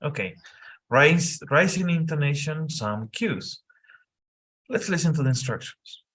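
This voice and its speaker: Slow, patient male tutor. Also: a little high, lively intonation, a bit bright, slightly rough. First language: Spanish. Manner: patient, repeats instructions slowly. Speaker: English tutor. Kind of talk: one-on-one lesson coaching.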